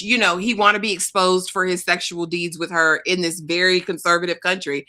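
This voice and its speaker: A woman's voice: on the low side, steady tone, a little fast, hardly any pauses, pushed and bright. A woman hosting a casual reality TV recap, retelling scenes with dramatic re-enactments. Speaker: host.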